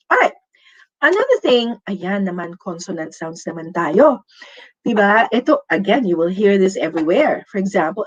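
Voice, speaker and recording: A woman's voice: on the low side, highs cut off. A woman with a Filipino accent giving a pronunciation lesson, mixing English with Tagalog and spelling out words letter by letter. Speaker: speaker at a career talk.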